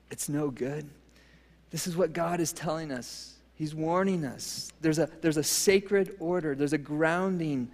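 A male pastor with a fairly high voice preaches in a church, repeating phrases with rising emphasis and little laughs between points. His words carry a long reverb from the big sanctuary, and in prayer he sinks to a soft, almost whispered tone. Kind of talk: sermon ending in a prayer. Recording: long reverb of a large hall.

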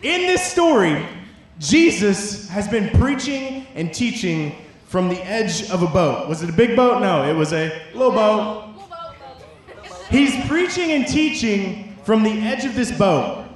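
A man's voice: high-pitched, measured pace. A young man preaching a casual youth sermon, telling a story with jokes and lots of "like". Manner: animated storytelling, jokey asides, lots of "like". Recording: very echoey room.

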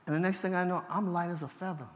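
Middle-aged pastor, animated storyteller who plays all the voices, slightly high voice, big reverberant hall. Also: male voice, quick pace. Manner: animated storyteller acting out dialogue, laughing at himself. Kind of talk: storytelling testimony talk. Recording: long hall reverb from a large venue.

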